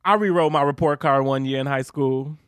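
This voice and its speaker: A man co-hosting a podcast, telling animated stories in casual chat, swearing freely and jumping his voice up when he acts out scenes. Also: medium pitch, brisk, clear, resonant tone, dry recording. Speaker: podcast co-host.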